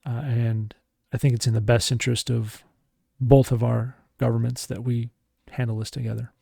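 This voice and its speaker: A man voicing a smug, scheming male alien doctor who speaks calmly and measuredly. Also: medium pitch, moderate pace, creaky, breathy edge, no room sound, studio quality.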